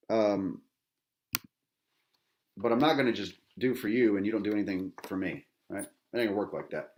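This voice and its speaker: A man's voice: fairly low pitch, slight background noise. A middle-aged man, a veteran host, angry and agitated, delivering a bitter, profane rant full of repetition and rhetorical "right?" tags.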